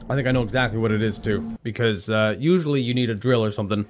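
A young man giving excitable, swearing let's-play commentary while playing a horror game. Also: fairly low pitch, fast, faint music behind. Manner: hyper, swearing, joking, talking to the game. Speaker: gaming video host.

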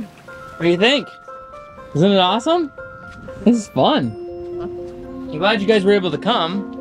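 An upbeat man with a fairly high voice chats and jokes while hosting a vlog from a boat on a lake. Clear background music plays under his talk. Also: animated, normal speed, long pauses. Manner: enthusiastic, jokey, chatty. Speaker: vlogger, channel host. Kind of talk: casual upbeat vlog chat.

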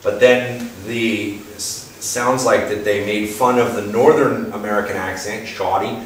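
A man's voice: lowish voice, steady tone, unhurried. A man from Canada, giving an informal public talk as guest speaker, hesitant with many ums and restarts. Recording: echoey hall, distant mic, faint noise.

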